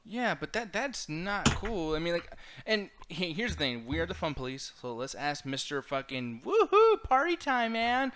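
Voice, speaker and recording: A man's voice: high voice, sing-song, moderate pace, fairly bright tone, slight background noise. A man hosting a casual podcast chat, laughing often and swearing casually. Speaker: host.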